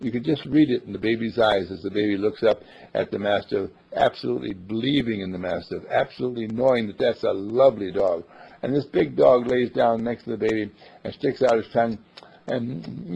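An older man delivers a homespun sermon built from everyday stories, earnest and plainspoken with small hesitations. His voice is husky and gravelly. The recording has a dull, lo-fi sound. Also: mid-range voice, a little fast, darkish tone. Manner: folksy and earnest, hesitant with uhs, acts out quoted voices.

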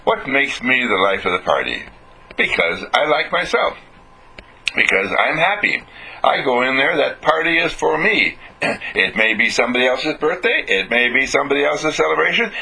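A man's voice: mid-range voice, vocal fry, pushed and bright, slightly rough, low-quality recording. A man from a ministry giving a recorded inspirational message, full of exuberant, repetitive affirmations. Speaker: ministry speaker.

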